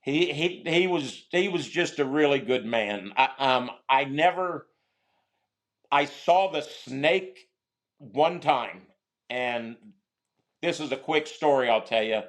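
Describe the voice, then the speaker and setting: A middle-aged man, a guest on an interview show, telling a long prison story in a halting, rambling way with many restarts. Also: medium pitch.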